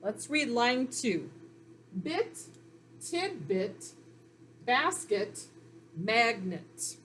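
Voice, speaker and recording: Slow, patient woman teaching phonics. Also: on the high side, big pitch swings, a bit bright, slight background noise. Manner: slow, patient and encouraging, sounding out letters. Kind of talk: recorded reading lesson for children.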